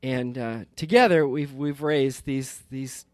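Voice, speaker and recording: A man's voice: medium pitch, slow pace, dry recording. A pastor in his fifties talking from the pulpit in a rambling, good-humored way, often restarting his sentences and laughing. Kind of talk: casual talk from the pulpit.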